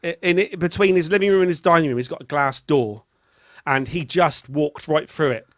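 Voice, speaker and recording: A man's voice: fairly high pitch, brisk, dry recording. A man co-hosting a podcast, chatty and rambling in casual chat. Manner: chatty, rambling, self-interrupting. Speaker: podcast co-host.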